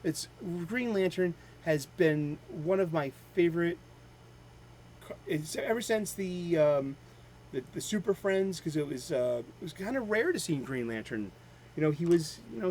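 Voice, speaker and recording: A man with a Boston accent hosts a daily comics show, chatting casually and halting through many fillers and restarts, rambling with a fan's enthusiasm. His voice is on the high side with lively intonation, and the low-quality recording has a little hiss or hum.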